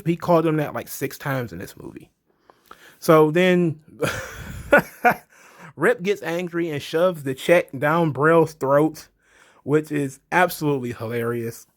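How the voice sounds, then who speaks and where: A man giving a casual, blunt movie review, rambling and swearing freely. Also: on the high side.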